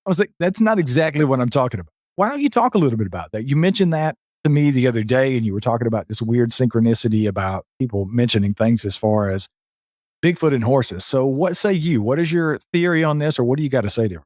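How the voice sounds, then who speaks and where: A man's voice: mid-range voice, expressive, quick pace, darkish tone, no echo, studio quality. A man hosting a live podcast, upbeat and chatty, greeting viewers in the chat as he talks. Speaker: podcast host.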